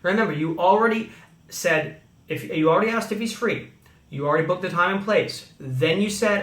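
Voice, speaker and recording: High-voiced male trainer, coaching tone, acts out sample calls, phone-recorded in a roomy space. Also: moderate pace, fairly bright tone. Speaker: sales trainer. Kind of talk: instructional talk to camera. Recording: echoey room, phone mic.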